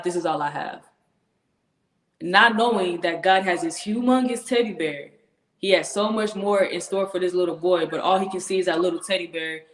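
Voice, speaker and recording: A young woman, a professional football player, talking earnestly as an interview guest, laughing often and repeating herself as she talks. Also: on the low side. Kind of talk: casual interview chat. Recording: echoey room.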